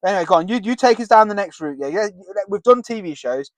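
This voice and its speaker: A man in his thirties with a high, lively voice talks quickly into a headset with an earpiece while co-hosting a casual podcast chat. He's jokey, laughs often, and sings snatches of songs. There's no room sound.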